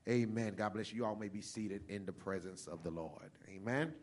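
A man preaching a sermon, reading scripture slowly and then building to a fervent, rising cadence with repeated phrases. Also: on the low side, a little hiss or hum.

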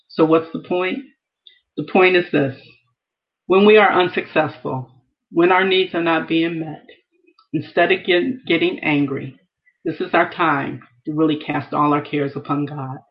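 A woman's voice: sits low, moderate pace, dull audio. A woman giving earnest devotional teaching, reading scripture aloud and repeating key phrases. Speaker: Bible teacher.

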